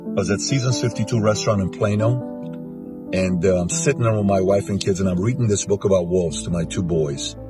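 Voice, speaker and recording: A man in his forties hosting, giving an emotional spoken tribute in an earnest, emphatic, repetitive way. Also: sits low. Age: 40s. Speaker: host. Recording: music bed underneath.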